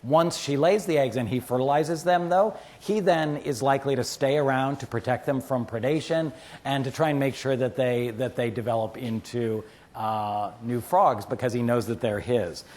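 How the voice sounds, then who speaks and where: A university lecturer, a man, teaching biology with lively stories and quick asides to the class. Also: mid-range voice. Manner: animated storyteller, quotes friends in asides. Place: lecture hall.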